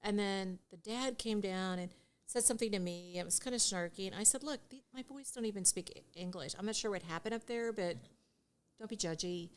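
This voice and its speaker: Animated storytelling middle-aged woman. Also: medium pitch, fairly quick, clean tone. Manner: animated storyteller who laughs often and acts out dialogue. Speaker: guest, divorce mediation attorney. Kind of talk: casual podcast chat.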